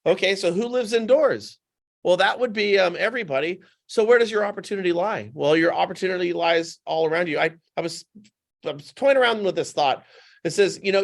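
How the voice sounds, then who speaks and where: A man with a fairly high voice talks as a guest on a casual podcast. He tells stories with animation and drives points home by repeating them. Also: a little fast, creaky. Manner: animated anecdotal storytelling; emphatic, repeats points for effect.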